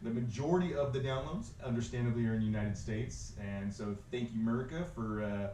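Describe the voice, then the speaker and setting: A man's voice: medium pitch, fairly quick, warm tone, distant mic, slight background noise. A man with a Southern California accent co-hosting a podcast in casual chat, rambling with many fillers and restarts. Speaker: podcast co-host. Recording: roomy echo, off-mic, faint ambience.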